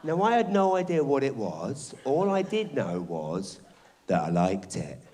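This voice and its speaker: Animated stand-up comic man. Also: mid-range voice, unhurried, noisy background. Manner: animated, shouting bits, rambling restarts. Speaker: stand-up comedian. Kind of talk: stand-up comedy set. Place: theatre stage before a live audience.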